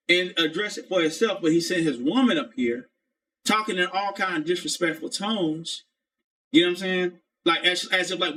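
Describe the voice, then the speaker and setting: Male streamer, casual rambling rant, profane, slightly high voice. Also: pushed and bright. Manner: rambling, profane, keeps saying "you know what I'm saying". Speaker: live streamer.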